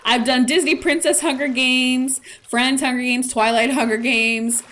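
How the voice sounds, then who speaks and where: A woman's voice: high voice, fairly even intonation, measured pace, a bit bright, slight background noise. A woman streamer chatting playfully through casual gameplay commentary. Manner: chatty, playful, with laughs and fillers.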